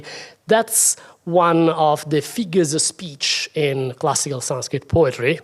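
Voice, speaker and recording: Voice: mid-range voice, unhurried. Lecturer thinking aloud. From Italy. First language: Italian. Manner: thinking aloud, self-deprecating asides. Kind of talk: academic talk.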